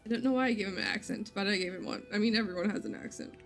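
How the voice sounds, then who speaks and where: A woman's voice: medium pitch, rapid-fire, gravelly, faint music behind. Chatty woman streamer reading game text. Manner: chatty, reads game text aloud with self-corrections. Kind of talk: casual gameplay commentary and reading game text aloud.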